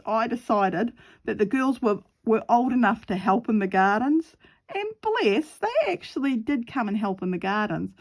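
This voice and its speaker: A woman's voice: medium pitch, darkish tone. A middle-aged woman chatting casually while she sews, laughing often and acting out the voices in her story. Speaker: craft vlogger.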